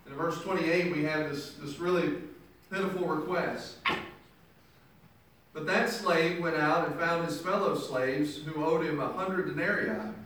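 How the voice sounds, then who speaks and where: Man, pastor, sermon, verse-by-verse explanation, somewhat high voice, heavy room echo. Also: a little slow, fairly bright tone, a little hiss or hum. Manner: expository preaching, reading verses then paraphrasing with emphasis. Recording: echoey room picked up from a distance.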